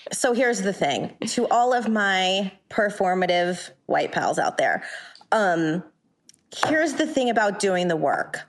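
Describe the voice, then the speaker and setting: A woman on a podcast panel speaks slowly in a medium-pitched voice with lively intonation. In a heated casual discussion, she is blunt, impassioned and profane, taking a long, rambling turn full of restarts.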